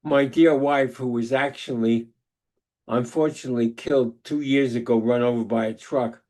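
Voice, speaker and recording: An older man giving a webinar lecture that mixes research points with personal storytelling, talking deliberately with frequent restarts. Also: medium pitch, steady tone, a little mellow. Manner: deliberate, halting delivery with many restarts. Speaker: psychologist giving a webinar talk. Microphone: video call microphone.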